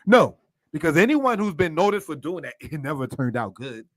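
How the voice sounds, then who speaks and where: A man's voice: fairly high pitch, sing-song, moderate pace, no room sound. A man with a slightly raised voice teaches scripture like a preacher. He breaks Hebrew words down one at a time and keeps asking his listeners questions. The sound is close and dry. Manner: preacherly, asks many rhetorical questions, addresses listeners as brothers and sisters; spells out Hebrew words line by line. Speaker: Torah teacher. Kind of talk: scripture lesson.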